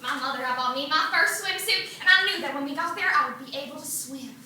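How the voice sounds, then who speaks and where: A young actress playing a timid, melodramatic woman haunted by her past, telling her tale in a very high, piercingly bright voice. She sounds distant, caught by a far-off microphone in a booming, echoey theater with faint noise underneath. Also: fast. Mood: wistful. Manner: melodramatic storytelling, shifting into quoted voices. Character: timid traumatized woman with a tragic backstory. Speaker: actor playing Dale. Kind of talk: stage comedy performance. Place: theater stage with audience.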